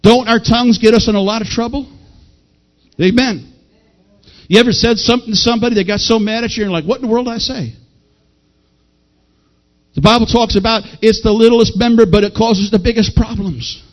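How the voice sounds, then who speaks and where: A middle-aged male pastor preaching a folksy, animated sermon that rises to shouted peaks. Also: high-pitched, brisk. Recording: dull lo-fi sound.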